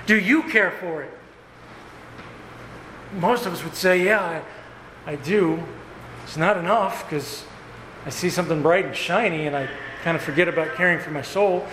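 A man preaching a sermon as pastor, earnest and emphatic, with slow stressed phrases and repetition. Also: on the high side, animated, fairly bright tone. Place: church sanctuary. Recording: echoey hall with faint room noise.

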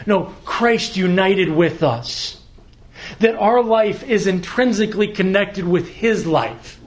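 A male pastor delivers a sermon with a high-pitched voice. He speaks slowly and emphatically, repeating key words and pausing to let phrases land. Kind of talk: expository sermon.

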